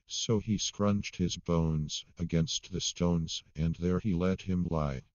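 A man reading a comic ballad aloud in a steady storytelling manner. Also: low voice, slow, no room sound, dull audio. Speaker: poetry reader.

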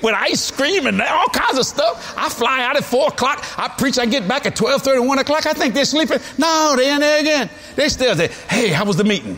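A man's voice: extremely high pitch, lively intonation, brisk, few pauses, pushed and bright, slight background noise. A man, preaching a sermon in a folksy, storytelling way with chuckles. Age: 70s. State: has a cold.

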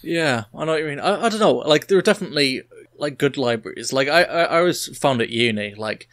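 A man's voice: on the high side, expressive, fast, fairly bright tone. A young man, co-hosting a podcast in casual chat, hesitant and stammering into restarts. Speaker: podcast co-host.

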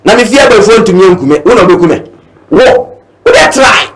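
A man's voice: high voice, expressive, fast talker, fairly bright tone, roomy sound. A man with a Ghanaian accent, speaking as a guest with fiery, declaiming political passion and switching between languages. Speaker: guest, party supporter. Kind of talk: impassioned political talk.

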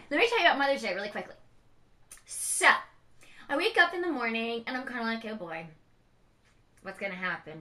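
A woman's voice: on the high side, bright, forceful tone. A middle-aged mother chatting frankly and emotionally in a casual home vlog. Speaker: beauty vlogger, mother.

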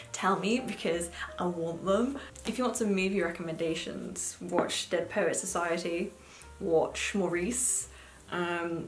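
A young woman in her twenties chatting casually as a book vlogger, swearing freely and filling her talk with "like". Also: lowish voice. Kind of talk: casual chat. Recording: echoey room with faint music.

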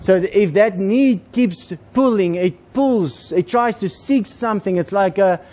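A man's voice: high-pitched, measured pace, darkish tone. A man, preaching a conversational sermon to a congregation and repeating words as he goes.

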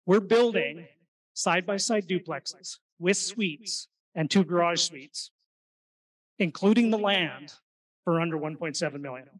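High-voiced man speaking to a crowd. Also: measured pace, distant mic, poor audio. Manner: energetic, conversational, addresses the crowd with questions. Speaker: real estate investing presenter. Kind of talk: live seminar talk to an audience. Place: meeting room at an investor event.

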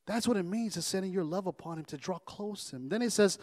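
A pastor preaches with a high-pitched voice, animated and calling for amens from his church. His words carry the long, ringing reverb of a large sanctuary. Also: fast talker, hardly any pauses. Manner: animated, call-and-response preaching. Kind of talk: sermon.

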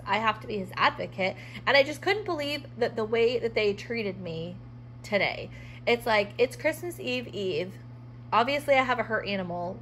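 A woman's voice: a little high, a bit bright, rough recording. Woman ranting storytime style, keeps doing the back and forth of who said what, faint hum behind. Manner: frustrated, quoting both sides of conversations. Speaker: dog owner telling a story. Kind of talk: casual storytime vlog.

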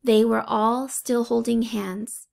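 A woman reading a children's novel aloud in a calm, measured way. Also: on the high side, creaky. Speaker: audiobook reader. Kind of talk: storybook narration.

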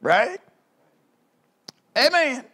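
Male pastor, high voice, fiery pulpit delivery with lots of call-and-response. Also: very animated, drawn-out words. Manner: emphatic preaching with frequent call-outs for agreement; swings between low rumbling asides and loud high outbursts. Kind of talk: fiery sermon.

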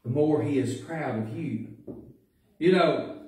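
A pastor preaches in folksy, storytelling fashion, building up to loud, raised passages. His voice sits a little high and is picked up from far back in the church. The room's heavy echo rings around every word. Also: takes it slowly. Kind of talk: sermon. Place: church sanctuary. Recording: echoey church recording from a distance.

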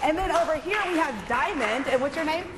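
A woman reporting live for morning TV from inside a school, upbeat and chatty, quick to laugh. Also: high-pitched, a loud crowd. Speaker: lifestyle reporter. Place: middle school, indoors. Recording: echoey room with faint background noise.

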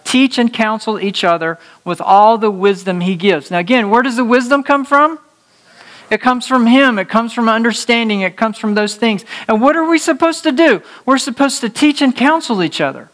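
A male pastor preaching a conversational sermon to his congregation, animated and joking, laughing at his own slips of the tongue. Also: sits high, moderate pace. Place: church sanctuary before a congregation.

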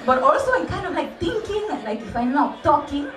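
A woman's voice: sits high, big pitch swings, brisk, voice pushed up. A woman performing a giddy, scattered character on stage in a comedy club, giggling and rambling with fillers. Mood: giggly. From New York City. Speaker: stand-up comic. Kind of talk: character stand-up. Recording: echoey club from far off with loud crowd.

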